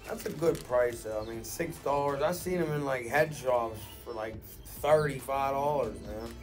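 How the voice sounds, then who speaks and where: A man's voice: mid-range voice, normal speed, faint music behind. A man hosting a casual vlog, talking in a laid-back, rambling way full of fillers. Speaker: vlog host. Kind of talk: casual product review chat.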